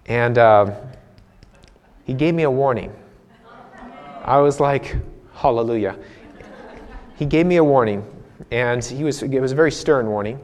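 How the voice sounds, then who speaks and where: A man's voice: mid-range voice, normal speed, pauses often, a little mellow. A male preacher giving a conversational sermon, telling a personal story with frequent restarts and laughing at himself.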